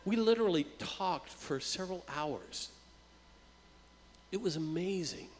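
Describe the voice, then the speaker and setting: A male preacher telling a personal story in a casual, chatty sermon, his voice sitting a bit higher than most men's. He often stumbles over a repeated word before a phrase comes out. His voice rings out with a long reverb, as in a big hall. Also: animated, a little slow. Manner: conversational, repeats words when starting a phrase. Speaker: youth worker and preacher.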